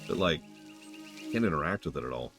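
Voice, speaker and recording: A man streaming a narrative game, breaking off into rambling, exasperated casual asides. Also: deep voice.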